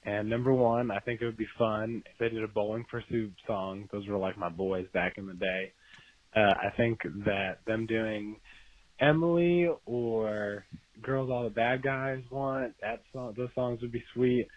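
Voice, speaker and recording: A man's voice: fairly low pitch, steady tone, unhurried, no room sound. Rambling man on a voicemail. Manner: rambling, lists points of business. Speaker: voicemail caller. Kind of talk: casual voicemail message. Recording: dull lo-fi voicemail.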